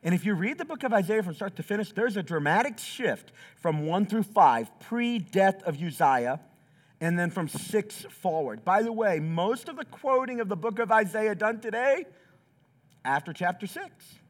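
A man preaching from the pulpit in a church, his voice sitting high for a man. It rises and falls in wide, animated swings as he acts out the scripture he quotes. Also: normal speed. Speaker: pastor. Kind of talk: sermon. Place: church sanctuary.

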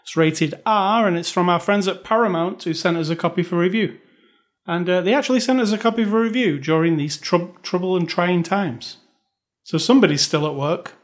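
A man's voice: high voice, fairly quick. A British man co-hosting a movie podcast in casual chat, dry and joking with frequent fillers. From Britain. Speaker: podcast co-host.

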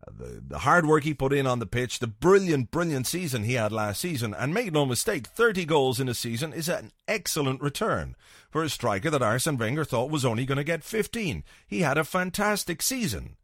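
A man's voice: medium pitch, fairly quick, no echo, studio quality. A man hosting a football podcast, talking casually and with lots of swearing, slipping into voices to act out his points. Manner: sweary, animated, acts out voices for comic effect. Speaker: podcast host.

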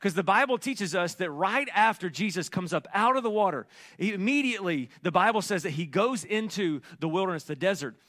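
Man, pastor, sermon, high voice, bright tone, animated storytelling. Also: brisk. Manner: storytelling, animated, jokey asides.

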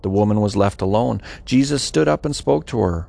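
A man's voice: on the low side, brisk, creaky, hardly any pauses, mellow, no echo. A man reading scripture aloud with a dramatic, varied delivery, voicing the quoted speech. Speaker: scripture reader.

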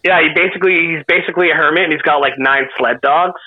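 A man's voice: a little high, fast talker, a crowd in the background. Canadian man, dull lo-fi sound. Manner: hesitant, many fillers. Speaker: podcast guest. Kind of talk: casual chat.

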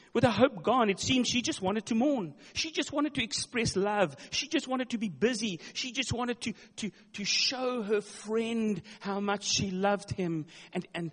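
A male pastor preaching a sermon, retelling a story dramatically with emphatic, repeated words. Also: sits high. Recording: long hall reverb.

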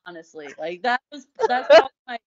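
A woman telling candid, crude stories in casual chat as a podcast co-host, animated and laughing. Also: fairly high pitch, fast talker. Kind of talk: casual storytelling. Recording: dull lo-fi sound.

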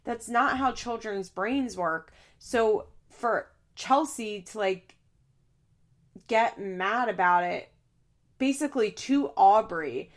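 A woman co-hosting a casual recap podcast rants and swears in exasperation, now and then mocking people in exaggerated high voices.

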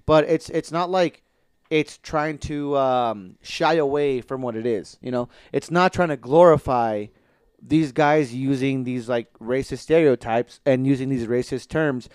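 A man's voice: mid-range voice, a little slow, a little mellow, clean tone, no room sound, studio quality. A man in casual podcast chat about TV shows, rambling with many fillers and restarts and swearing casually.

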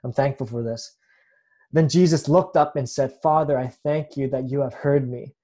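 A man's voice: mid-range voice, moderate pace, mellow. A man preaching a sermon in an earnest way, often restarting with repeated words. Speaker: pastor.

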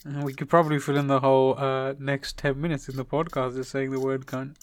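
A young man in casual podcast banter, crude and mocking, swearing constantly and laughing at his own jokes. His voice sits at an ordinary middle pitch and is recorded close and dry, with no room sound. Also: flat delivery, a little fast, clean tone, dry recording. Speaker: podcast co-host.

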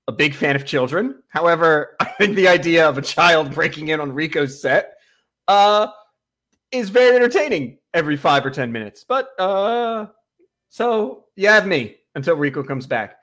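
A high, bright-toned man co-hosting a casual podcast. He talks with lively swings in pitch, laughs often and drops profanity freely in loud comic banter. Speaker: podcast co-host. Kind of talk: casual comedic chat.

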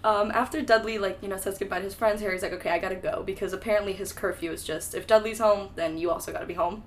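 A woman's voice: medium pitch, fairly even intonation, quick pace, a little hiss or hum. A young woman co-hosting a casual book-discussion podcast, breezy and sarcastic, swearing freely as she recaps. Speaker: podcast co-host.

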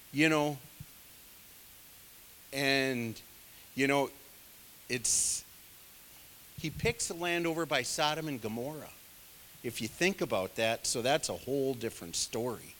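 Rambling, bright-voiced male Bible teacher. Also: a little high, big-room sound. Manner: rambling, digressive, self-deprecating; many fillers, conversational asides. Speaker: bible study leader. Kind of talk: casual teaching sermon.

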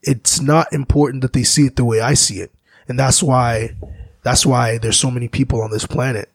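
Man, musician guest. Gravelly, husky voice, dry close sound, slow and reflective. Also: medium pitch, steady tone, no room sound. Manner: slow, searching, philosophical, often restarts. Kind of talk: reflective conversation.

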